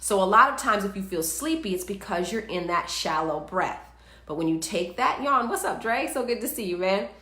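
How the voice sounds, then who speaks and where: Woman, wellness coach, live stream host, upbeat and chatty, middle pitch, echoey room. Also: lively intonation, moderate pace, sharp tone. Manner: upbeat, chatty, guides viewers through exercises. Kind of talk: live-streamed instructional talk.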